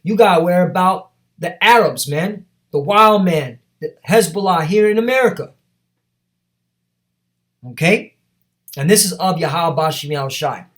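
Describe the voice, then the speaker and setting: Emphatic preacher man, fairly high voice. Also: expressive, normal speed, fairly bright tone. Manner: emphatic, repetitive, with many tag questions. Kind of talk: street sermon with scripture reading.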